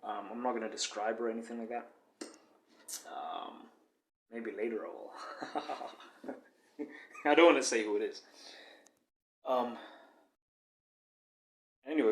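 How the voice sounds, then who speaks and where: A man's voice: mid-range voice, reverberant. A young man in a casual vlog monologue, talking in a boastful, rambling way with many fillers.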